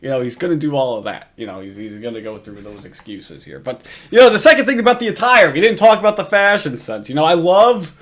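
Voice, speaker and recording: A man's voice: on the high side, big pitch swings, fast, hardly any pauses, a bit bright. A man giving casual reaction commentary, rambling, swearing often and laughing at the clips he plays. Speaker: commentary host.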